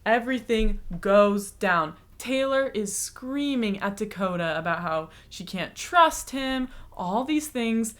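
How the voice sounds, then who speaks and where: A woman's voice: mid-range voice, expressive, slow pace, hardly any pauses, fairly bright tone. A woman from the United States hosting a chatty, explanatory reaction commentary with a lightly sarcastic edge. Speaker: reaction video host. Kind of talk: casual commentary.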